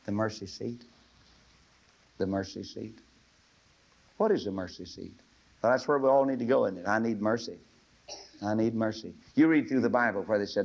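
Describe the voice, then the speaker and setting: A man's voice: lowish voice, moderate pace, creaky, pauses often, darkish tone. A man preaching a fervent, folksy sermon to a live audience, swelling into emphatic pleading. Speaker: radio preacher. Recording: dull lo-fi old radio broadcast.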